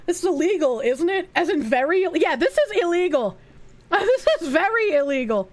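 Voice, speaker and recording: Young woman streamer, super high voice that bounces around, swears a lot, grossed out reading chat. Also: expressive, brisk. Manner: blunt, profane, openly disgusted commentary. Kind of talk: live-stream reaction, reading chat and messages aloud.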